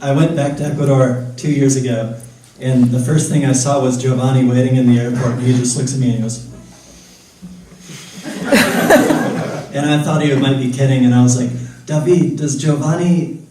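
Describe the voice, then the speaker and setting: A man on stage telling a wry, slow anecdote between songs while the audience laughs. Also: medium pitch, steady tone, distant mic, noisy background. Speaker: singer-songwriter. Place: live concert venue. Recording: very echoey venue recording from afar.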